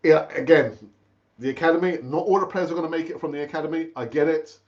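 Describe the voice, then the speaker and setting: A man's voice: on the high side, quick pace, a little mellow. Chatty man hosting a live stream. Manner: chatty, calls viewers "brother", repeats words. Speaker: fan channel host. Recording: dull, lo-fi stream audio.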